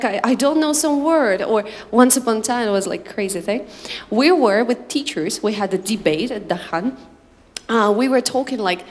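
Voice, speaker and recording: A young woman from Uzbekistan teaching an English speaking class, talking to her students in a lively, animated way. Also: fairly high pitch. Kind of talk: classroom instruction and anecdote. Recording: reverberant room, faint background noise.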